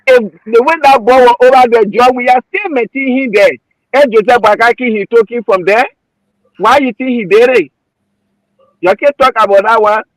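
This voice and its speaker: A Liberian-accented man talks politics with heat and feeling, his voice pitched high for a man. He circles back over his points again and again. The sound is close and dry, with no room around it. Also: normal speed, no room sound, low-quality recording. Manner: emotional, repetitive, heated. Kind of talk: passionate political commentary.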